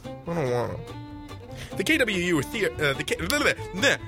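A man doing playful improvised banter on a college radio comedy show, goofy and excitable. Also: a little high, normal speed, creaky, music in the background.

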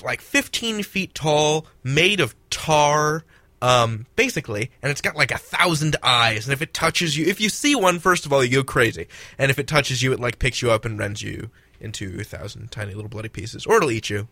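A young man co-hosting a student radio show, chatting casually and joking with sudden yelling bits. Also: medium pitch, expressive, moderate pace, no echo. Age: young adult. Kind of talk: casual comedic radio banter.

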